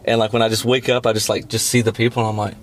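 A man's voice: fairly low pitch, flat delivery, racing. A man with a Southern US accent, a touring musician chatting easily with many fillers. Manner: easygoing, agreeable, lots of fillers. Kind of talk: casual chat.

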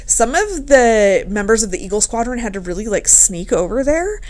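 A woman hosting a casual podcast, telling a story in a profane, animated way and laughing often. She is a bit tipsy. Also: a little high, normal speed. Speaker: podcast host.

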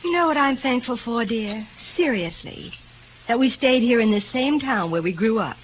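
A woman's voice: a little high, animated, normal speed, lightly acted. An actress playing a contented middle-aged wife in an old radio drama, speaking fondly to her husband. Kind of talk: 1950s radio drama acting. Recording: dull old radio broadcast with faint hiss.

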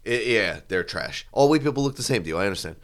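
Crude storytelling man, smooth voice. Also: lowish voice, quick pace. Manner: crude, animated, acts out quotes loudly. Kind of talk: casual storytelling chat.

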